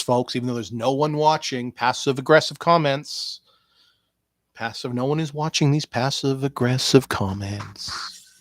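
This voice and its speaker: A man hosting a casual podcast alone, rambling and joking, swearing freely and swinging from mumbled asides to loud outbursts. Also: medium pitch, measured pace, no room sound, clean studio sound. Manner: joking, swearing, jumps between quiet asides and loud bursts. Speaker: podcast host.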